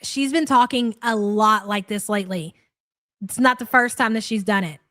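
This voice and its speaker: A woman's voice: medium pitch, normal speed, fairly bright tone, no room sound. Woman reacting live, sarcastic and blunt, dry close sound. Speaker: reaction streamer host.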